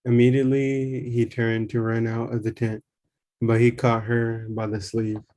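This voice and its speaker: Slow, even-voiced man reading aloud. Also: mid-range voice. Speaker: reader. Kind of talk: slow reading of a spiritual memoir.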